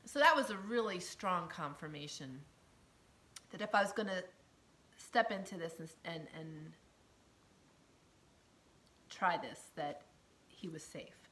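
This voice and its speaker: A woman tells her personal story in an earnest, heartfelt way. Her voice is bright and forceful but sits a little low, and she often sinks into a hushed near-whisper. She laughs softly between phrases. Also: lively intonation, a little slow, pauses often. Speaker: storyteller sharing her testimony.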